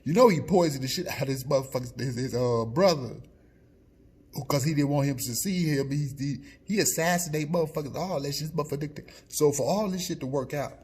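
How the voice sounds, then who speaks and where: A man with a husky voice, ranting loudly and profanely, swinging between shouts and mutters. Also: on the high side, fast talker. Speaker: blogger. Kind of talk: profane off-the-cuff rant.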